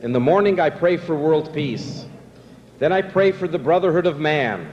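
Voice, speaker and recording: A man voicing a sincere, persistent old Jewish man in a joke, speaking plainly and unhurried. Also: a little high, animated, darkish tone, big-room sound, lo-fi sound, lightly acted. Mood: matter-of-fact.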